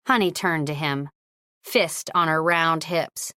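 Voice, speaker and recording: Woman audiobook narrator, lowish voice, dry close read. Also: fairly even intonation, moderate pace, bright, forceful tone, smooth, dry recording. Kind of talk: scripted narration.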